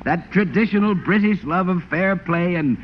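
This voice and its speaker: A man's voice: high voice, normal speed. A man playing the show's announcer in a 1940s radio comedy, brash, boastful and theatrical. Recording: hissy lo-fi old radio broadcast.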